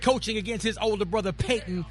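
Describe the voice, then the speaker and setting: A man giving a relaxed, conversational sports report on a morning radio show. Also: high voice, fast talker, faint music behind.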